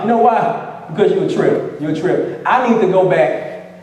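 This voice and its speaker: A man's voice: high-pitched, normal speed, a little mellow, recorded from a distance. A male pastor preaching a sermon in a playful, call-and-response way, repeating phrases to the congregation. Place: church sanctuary. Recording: echoey church hall from afar.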